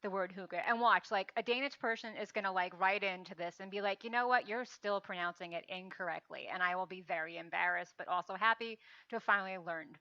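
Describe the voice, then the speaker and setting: A woman's voice: medium pitch, pushed and bright, no echo, dull audio. A woman co-hosting a casual book podcast, chatty and self-deprecating, laughing often. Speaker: podcast co-host and novelist. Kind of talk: casual chat.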